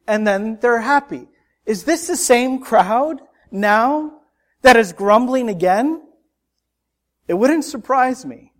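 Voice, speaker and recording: A man with a fairly high voice preaches a Sunday sermon. He is a middle-aged pastor who builds emphasis and doubles back on his words as he drives a point home. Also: lively intonation, slow.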